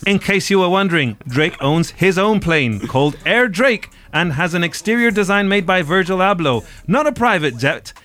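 A man's voice: sits high, expressive, moderate pace, few pauses, a bit bright. A man hosting a podcast, chatting casually about music in a wry, rambling way. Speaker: podcast host.

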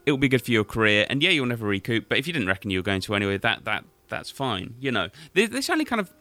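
A man hosting a radio music show, chatting casually and acting out quoted lines with lively energy. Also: mid-range voice, quick pace. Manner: lively, animated, acts out quotes. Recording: faint music behind.

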